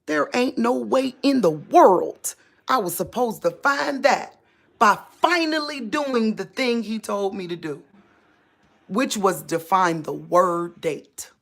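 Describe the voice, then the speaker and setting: A woman's voice: medium pitch, big pitch swings, unhurried, vocal fry, a bit bright. Impassioned woman preaching to her viewers. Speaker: religious vlogger. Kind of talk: unscripted spiritual monologue to viewers.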